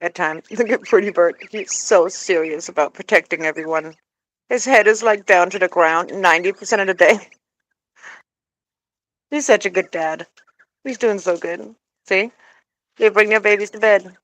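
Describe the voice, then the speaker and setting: A woman's voice: mid-range voice, moderate pace, long pauses, a bit bright, dry recording, low-quality recording. Woman vlogger with a cold, chatty and loose, talks to her animals in sing-song baby talk, outdoors. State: sick with a lingering cold, coughing. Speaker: vlogger tending her geese. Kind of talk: casual chat while doing chores.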